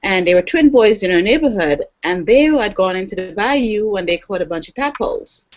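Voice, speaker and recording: A woman guest on a panel, telling a story in a casual, animated way. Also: medium pitch, moderate pace. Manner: animated, acts out quoted voices. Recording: dull online video call audio.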